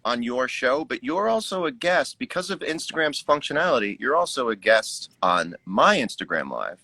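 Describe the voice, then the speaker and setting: A man's voice: mid-range voice, big pitch swings, moderate pace, gravelly, pushed and bright, no room sound. A man, a musician guest, chatting casually on a live stream and musing aloud, acting out his own inner remarks. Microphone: video call.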